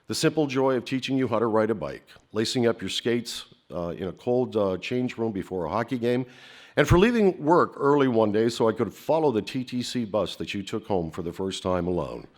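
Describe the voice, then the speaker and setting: A middle-aged man from Canada giving a heartfelt, rhetorical acceptance speech from a podium on a banquet hall stage. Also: on the low side. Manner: emotional, rhetorical, with dramatic pauses.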